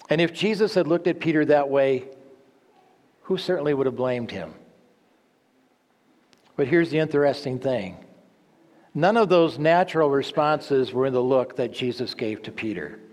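Preaching man with a slightly high voice in a reverberant hall. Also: darkish tone. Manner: earnest, with rhetorical questions and restarts. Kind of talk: sermon teaching.

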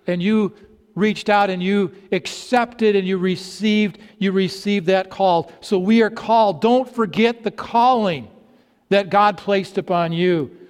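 High-voiced man preaching a sermon. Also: fairly even intonation, a little slow, smooth, big-room sound. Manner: preaching with emphatic repetition and quotes. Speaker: pastor. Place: church sanctuary.

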